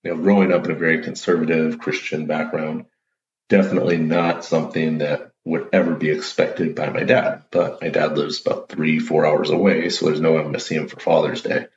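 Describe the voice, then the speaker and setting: A man hosts his own show, spinning a playful story in a casual, upbeat monologue. His very deep voice stays level and brisk, and the audio is roomy, dull, and lo-fi.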